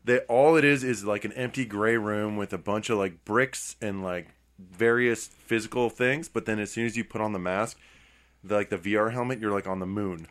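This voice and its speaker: Enthusiastic bright-voiced man. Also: fairly low pitch, moderate pace. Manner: enthusiastic, swears casually. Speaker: podcast co-host. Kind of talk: casual chat.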